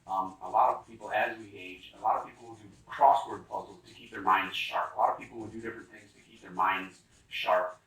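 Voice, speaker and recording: A man's voice: on the low side, steady tone, fairly quick, creaky, few pauses, a bit bright, far from the mic. Middle-aged male musician, rambling casual talker, off-mic in a roomy space. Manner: chatty, rambling with many fillers and restarts. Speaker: musician guest. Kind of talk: casual conversation. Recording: roomy echo, from away from the mic.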